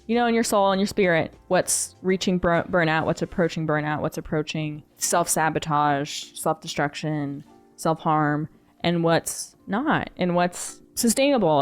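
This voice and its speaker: A woman's voice: deep voice, smooth. A young woman gaming streamer giving casual, earnest commentary, rambling and openly emotional.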